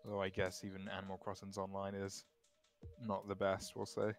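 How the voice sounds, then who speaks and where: A man's voice: deep voice, monotone, brisk, creaky, soft background music. A man joking wryly as a guest on a casual gaming stream.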